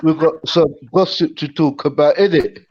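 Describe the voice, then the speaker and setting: A man's voice: on the high side, fairly even intonation, normal speed, noisy background. Man, panel guest, slangy and laid-back, a bit muffled line. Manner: laid-back, slangy, says "bro" a lot. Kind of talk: casual live-stream panel chat. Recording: slightly muffled call audio.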